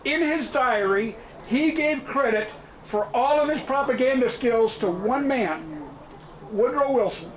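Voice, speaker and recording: A man's voice: extremely high pitch, lively intonation, unhurried, echoey room, crowd noise, low-quality recording. A man from the audience who makes his points with historical quotes. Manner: quotes history, recites remarks. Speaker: audience member.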